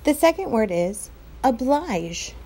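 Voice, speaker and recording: A woman teacher reading a novel aloud to her class, clear and expressive. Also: a little high, takes it slowly.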